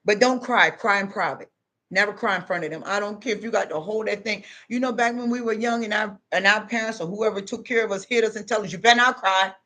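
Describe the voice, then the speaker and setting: A woman's voice: medium pitch, fairly even intonation, fast talker, a bit bright. A middle-aged woman giving casual advice in a monologue, emphatic and repetitive, hammering her points home. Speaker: advice vlogger.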